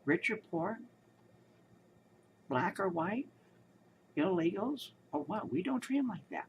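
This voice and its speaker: A woman's voice: mid-range voice, big pitch swings, slow, a little hiss or hum, poor audio. A woman giving casual spoken commentary, telling her story in an indignant, emphatic and rambling way. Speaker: commentator recounting a hospital experience.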